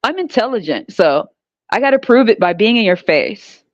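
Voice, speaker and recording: A woman's voice: medium pitch, sing-song, normal speed, dry recording. Woman host, blunt and sarcastic, swearing through a heated rant; dull, dry recording. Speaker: podcast host. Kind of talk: profane ranting monologue.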